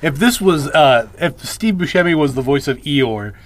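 A man co-hosting a podcast, chatting casually about a film with quick, wry asides. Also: on the high side, expressive. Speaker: podcast co-host.

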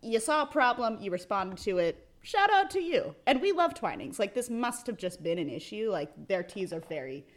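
A woman co-hosting a podcast in casual chat, animated and giggly, reading messages aloud with playful emphasis. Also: medium pitch, normal speed, few pauses. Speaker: podcast co-host.

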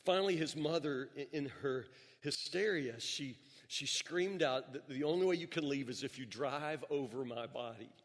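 A man's voice: mid-range voice, normal speed. A male pastor preaching a sermon, telling stories with emphatic rises and repeated words. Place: church sanctuary. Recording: long reverb of a large hall.

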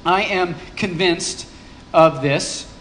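Man, pastor, high voice, chatty sermon with playful asides, faint background hum. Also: slow pace, fairly bright tone. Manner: conversational, playful asides to the congregation.

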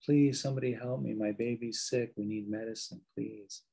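A man voicing a grief-stricken young mother who pleads for help, his husky voice lifted and softened. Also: mid-range voice, fairly even intonation, normal speed. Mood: pleading.

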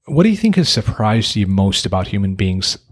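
A man's voice: lowish voice, sing-song, a little fast, husky. A man from Nepal hosting a casual podcast conversation, talking in an earnest, reflective way and asking open questions. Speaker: podcast host.

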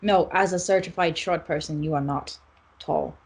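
Husky woman tabletop player. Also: deep voice, moderate pace, a little mellow. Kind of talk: playing a tabletop game.

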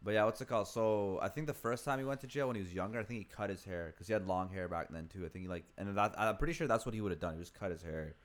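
A man's voice: lowish voice, racing, few pauses. A young man co-hosting a casual podcast, rambling with fillers and swearing. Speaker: podcast co-host. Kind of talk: casual crude chat.

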